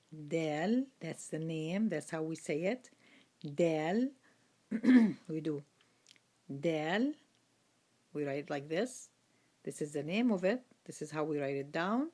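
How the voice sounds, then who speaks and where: Slow, patient woman teaching letters. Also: sits low, warm tone. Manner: patient, repeats each sound aloud. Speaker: Quran reading teacher. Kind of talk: slow lesson on Arabic letters.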